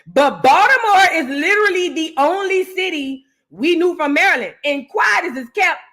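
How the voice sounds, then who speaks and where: A woman's voice: very high-pitched, lively intonation, normal speed, a bit bright. A woman hosting a casual gossip show, chatty and teasing as she rambles on. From Southern United States. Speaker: host.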